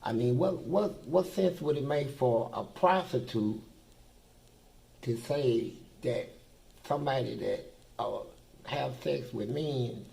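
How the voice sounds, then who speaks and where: Gravelly older man telling blunt street stories. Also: medium pitch, slow pace, dark tone, rough recording. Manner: blunt, profane, streetwise storytelling. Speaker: interview guest. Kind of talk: casual storytelling.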